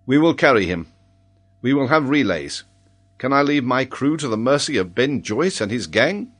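A man's voice: medium pitch, sing-song, moderate pace, a bit bright, pitched above the performer's own voice. A man reading aloud, voicing an impetuous nobleman leader who speaks with urgency and exclamations. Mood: urgent.

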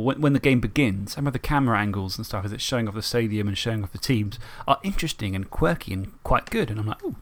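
A man co-hosting a podcast, chatting casually and rambling, often laughing. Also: mid-range voice. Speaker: podcast co-host. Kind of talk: casual chat about tabletop and video games.

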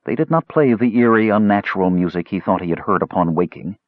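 Low male narrator, husky tone with wide lively pitch, dull lo-fi dry sound. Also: fast talker, no echo. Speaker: audiobook narrator. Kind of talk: storybook narration.

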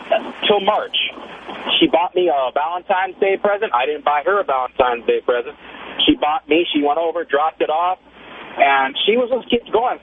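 A young man calling in to a radio show, his voice high-pitched and squeezed through a tinny phone line with faint hiss underneath. He talks in slangy, boastful storytelling. The chat is loose and casual. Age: 20s. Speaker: caller.

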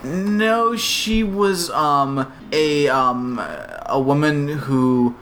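Male co-host, wry jokes, a bit high-pitched, faint background noise. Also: very slow, a bit bright. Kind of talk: casual podcast chat.

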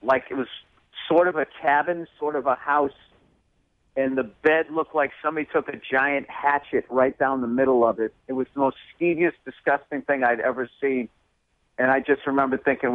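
A male comedian telling stories in a casual interview, lively and acting out other voices. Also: medium pitch, moderate pace, no room sound. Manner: animated storyteller, acts out voices. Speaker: comedian guest. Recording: tinny phone line.

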